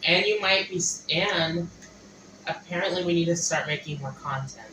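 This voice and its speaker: A young woman with a low voice chats from a distance, sounding roomy and set back from the mic. Background noise is clearly audible around her easygoing replies. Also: normal speed, bright, forceful tone. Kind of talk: casual chat.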